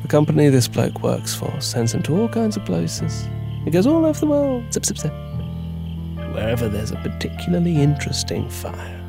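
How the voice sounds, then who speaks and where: A man's voice: a little high, sing-song, normal speed, vocal fry. A man, playing an agent who tells a long, rambling, playful story in an audio drama. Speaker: agent leaving a voicemail. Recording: music playing behind, crickets.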